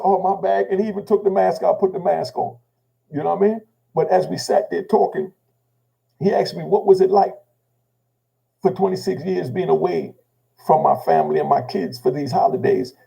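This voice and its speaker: An older man from Jamaica telling his own story in a casual, emotional way, often adding "you know what I mean". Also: low-quality recording. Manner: gravelly, repeating "you know what I mean" after each thought; drops low and quiet when he quotes himself.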